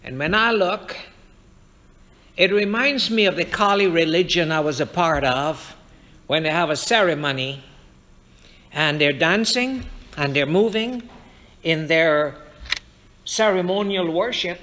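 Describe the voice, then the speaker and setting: A man delivers a fervent sermon from the pulpit of a church, speaking straight to his congregation and weaving in scripture. His voice sits high for a man, with a bright, forceful edge. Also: lively intonation, measured pace, long pauses. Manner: fervent preaching, quoting scripture and addressing the congregation directly. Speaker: pastor. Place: church sanctuary.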